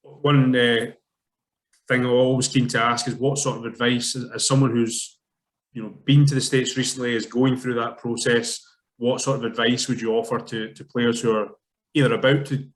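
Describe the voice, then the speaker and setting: Flat-voiced male interviewer. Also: medium pitch, moderate pace. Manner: friendly, encouraging questions. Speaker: interviewer, program founder. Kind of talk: casual interview.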